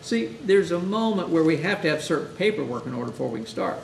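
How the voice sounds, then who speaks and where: A man's voice: fairly high pitch, fairly even intonation, quick pace, gravelly, hardly any pauses. A man teaching hospital chaplains in a conversational lecture, often acting out exchanges with grieving families. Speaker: chaplain instructor. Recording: echoey room, mic far off, faint hiss.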